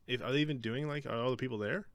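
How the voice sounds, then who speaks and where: A young man co-hosting a sports podcast, chatting casually with deadpan sarcasm. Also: medium pitch, rapid-fire, dry recording. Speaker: podcast co-host.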